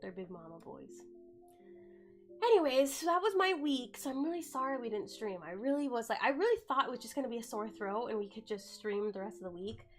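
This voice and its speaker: A young woman streamer with a slightly high voice, getting over the flu and now and then coughing. She rambles in a loose, chatty way, full of "um" and "like", speaking to her chat and her cat. Soft music plays faintly behind her. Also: lively intonation, a little fast. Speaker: live streamer. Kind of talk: casual live-stream chat.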